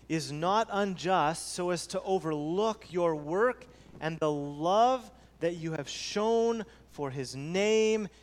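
A man preaching a sermon earnestly, repeating key phrases and swinging between soft low passages and raised emphatic ones. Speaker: pastor. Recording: long hall reverb.

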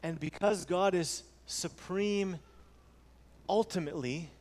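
A man preaching a sermon earnestly, repeating key phrases and swinging between soft low passages and raised emphatic ones. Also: slow. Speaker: pastor. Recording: long hall reverb.

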